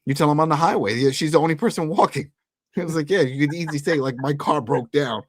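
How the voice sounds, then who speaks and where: A man co-hosting a casual TV recap, speaking in a relaxed, conversational way as he speculates about the episode. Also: a little high, fast talker, dry recording, clean studio sound. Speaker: podcast co-host.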